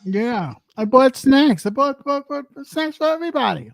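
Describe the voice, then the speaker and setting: A commentary show host talking in a crude, mocking, profane way, out of breath, with drawn-out eating noises. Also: sits high, lively intonation, vocal fry, no room sound. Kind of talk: casual commentary.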